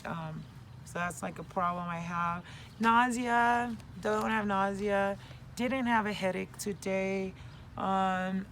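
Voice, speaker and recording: Outdoors, a middle-aged woman speaks candidly and casually to the camera, animatedly sharing coping skills and swearing now and then. Her voice sits in the mid-range, with slight background noise.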